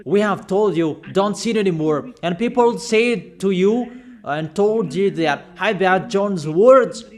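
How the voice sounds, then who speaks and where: A man preaching a sermon, insistent and repeating phrases slowly for emphasis. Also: high-pitched, a little mellow.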